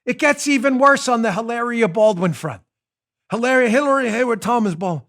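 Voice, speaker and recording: A man hosting a political commentary show, talking in an animated, mocking, rant-like way into a studio microphone. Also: high-pitched. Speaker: show host.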